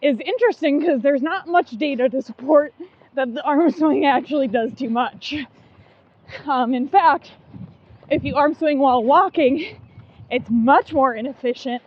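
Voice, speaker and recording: A woman's voice: high voice, unhurried, highs cut off. A woman co-hosting a casual running podcast, chatty and giggly, full of likes and ums. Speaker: podcast co-host. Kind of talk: casual chat.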